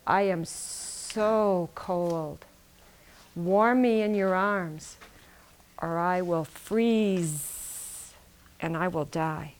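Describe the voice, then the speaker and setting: Lady doing a low creepy rattlesnake, drags every word out, begging. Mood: pleading. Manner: slow, drawn-out pleading. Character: cunning cold rattlesnake, pleading.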